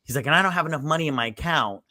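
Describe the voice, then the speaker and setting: A man's voice: fairly high pitch, animated, racing, bright, forceful tone, no echo, studio quality. A man casually retelling movie scenes on a podcast, rambling with lots of fillers and swearing. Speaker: podcast co-host. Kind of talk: casual movie review chat.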